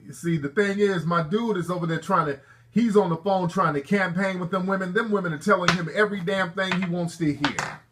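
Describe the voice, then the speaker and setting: Brisk and a bit bright, a high-pitched male host trades banter on a call-in show. He's brash and jokey, uses street slang, and lectures callers.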